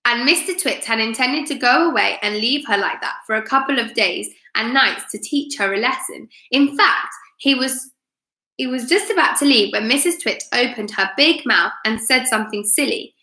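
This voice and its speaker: A woman teacher reads a children's story aloud in a fairly high, bright voice. She narrates expressively and drops in chatty asides. A roomy echo hangs around her. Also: lively intonation, moderate pace.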